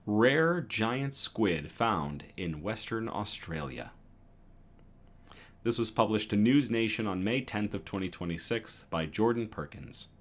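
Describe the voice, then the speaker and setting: Lively low-voiced male news host. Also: a little slow. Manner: lively, reads chat comments aloud and self-corrects with a laugh. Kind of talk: livestream news reading with chat asides.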